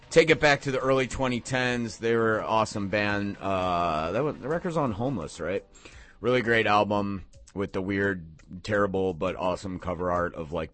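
A man hosting a late-night radio show, chatting casually and excitedly between songs, often rambling off on tangents. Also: on the low side. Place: radio studio.

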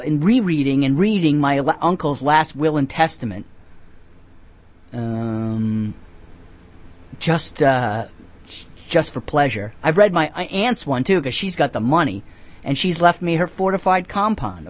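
Rambling deadpan radio host, man. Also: mid-range voice. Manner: halting, many restarts. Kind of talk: comic call-in radio chat.

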